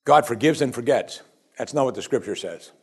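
Pastor preaching, dramatic pitch swings. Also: male voice, animated, a little fast, creaky, slightly rough. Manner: rising to emphatic peaks, then dropping to soft and quiet; asks the congregation repeated rhetorical questions. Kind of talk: sermon.

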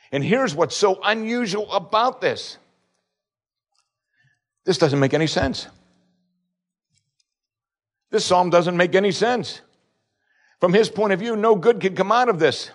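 A man preaching a sermon, reading scripture and shifting between loud pleading questions and low, hushed lines.

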